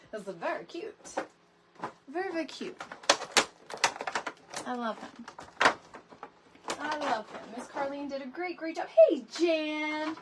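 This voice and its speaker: A middle-aged woman hosting a casual craft tutorial livestream, chatty and animated, greeting viewers by name from her home craft room. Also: high-pitched, background noise. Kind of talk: casual live crafting chat.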